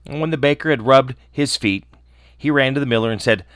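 A man reading a fairy tale aloud as a storybook host, deliberate and expressive. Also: mid-range voice, dry recording, studio quality.

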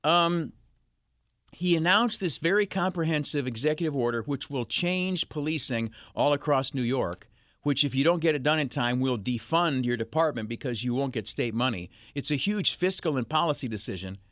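A man's voice: medium pitch, lively intonation, moderate pace, a bit bright, dry recording, clean studio sound. A man hosting a call-in radio show, rambling and sarcastic as he riffs alone between calls. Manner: rambling, sarcastic, jumps to mock voices. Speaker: radio talk show host. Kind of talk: solo talk radio monologue. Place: radio studio.

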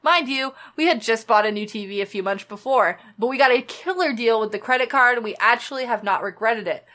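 Higher-voiced woman co-hosting a podcast. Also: a little fast, bright, forceful tone. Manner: reads listener mail and tells stories with frank humor. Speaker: podcast co-host. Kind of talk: casual chat.

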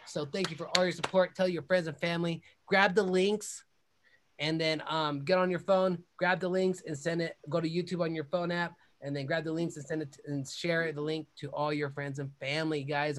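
A young man hosting his own podcast, talking in a loud, hyped-up style with whoops and shout-outs. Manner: high-energy hype with whooping shouts. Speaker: podcast host. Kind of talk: hyped podcast intro and self-promotion.

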